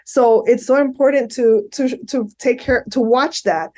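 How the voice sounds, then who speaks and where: A woman's voice: a little high, a little slow, a little mellow. A woman in her fifties, a podcast guest, talking earnestly and repeating phrases as she explains. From Miami. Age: 50s. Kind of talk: candid conversational interview.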